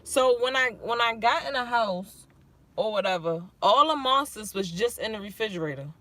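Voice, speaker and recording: A woman talks to her livestream chat about caring for her father. She sounds frustrated and on the edge of tears, rambling and swearing as she goes. Her voice is bright and tense. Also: a little high, lively intonation, moderate pace, dry recording. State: close to tears. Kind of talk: livestream vent, reading chat.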